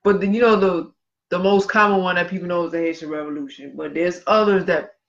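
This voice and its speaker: Male podcast co-host, high voice; conversational reader with asides; dull lo-fi sound. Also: steady tone, brisk, vocal fry, fairly bright tone. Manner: conversational, reads passages then comments with asides. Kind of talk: casual podcast talk, reading history. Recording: dull lo-fi livestream audio.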